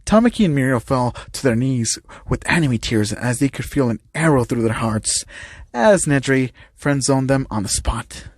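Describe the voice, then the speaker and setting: A man's voice: medium pitch, expressive, moderate pace, no room sound, clean studio sound. A man narrating a fan-made comic dub in a plain storytelling manner. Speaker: narrator and voice actor.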